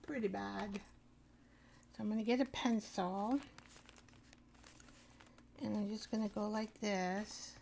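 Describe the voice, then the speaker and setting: A middle-aged woman hosts a home art show, talking slowly with a gravelly rasp. She rambles to herself as she works and gently pokes fun at her own skills. Background noise runs under the voice. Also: mid-range voice, steady tone. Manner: rambling, self-deprecating, talks to herself while working. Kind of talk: casual craft demonstration chat.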